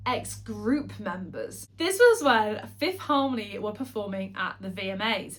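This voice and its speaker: A woman singer and vlogger chatting casually to camera, gossipy and quick with asides and self-corrections. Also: on the high side, fairly bright tone.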